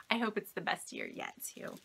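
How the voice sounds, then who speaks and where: A woman's voice: on the low side, wildly swooping pitch, moderate pace, vocal fry, slight background noise. A woman in her late thirties opening gifts from friends on her craft vlog, gushing and delighted as she thanks each sender. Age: 30s. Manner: gushing, delighted, soft-spoken. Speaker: craft vlogger. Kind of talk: casual mail-opening vlog.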